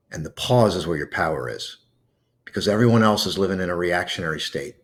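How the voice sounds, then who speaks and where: Man, deep low voice, guided breathing meditation, gentle coaxing, soft pauses. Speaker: host guiding a calming exercise.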